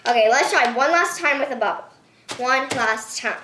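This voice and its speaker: Excitable squealing woman making slime. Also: high-pitched, normal speed, reverberant, a little hiss or hum. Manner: excitable, squeals and shrieks often. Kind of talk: excited hands-on vlog narration. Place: home bathroom and table.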